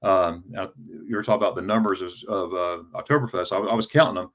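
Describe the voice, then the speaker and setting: A man in his fifties, a travel vlogger appearing as an interview guest, tells his story casually. His voice sits lowish and is a bit bright, with a steady tone and a quick pace. He stammers, repeats words, and uses many fillers.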